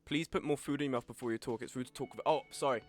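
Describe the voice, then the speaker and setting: A man's voice: mid-range voice, very fast, soft background music. A young man with a sore throat streaming a game, chatting wryly and reading chat aloud while he eats. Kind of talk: casual game stream commentary.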